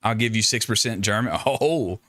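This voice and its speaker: Bright-toned joking livestream man. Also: lowish voice, moderate pace, no echo, studio quality. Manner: rambling, joking, self-interrupting. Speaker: livestream host. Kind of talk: casual livestream chat with viewers.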